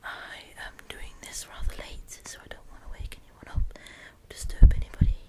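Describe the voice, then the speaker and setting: Girl whispering into her mic late at night, whispered vlog, rambly and breathy. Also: normal speed. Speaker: YouTuber. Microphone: close microphone.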